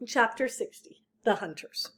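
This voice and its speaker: A woman's voice: unhurried, fairly bright tone. A woman reading a children's book aloud, adding chatty asides and correcting her own slips. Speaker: reader.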